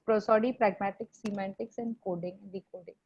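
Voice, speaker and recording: A woman's voice: mid-range voice, steady tone, a little fast, a little mellow, breathy edge. A woman moderating a webinar, politely putting questions to the speaker on behalf of the audience. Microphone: video call. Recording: muffled video call audio.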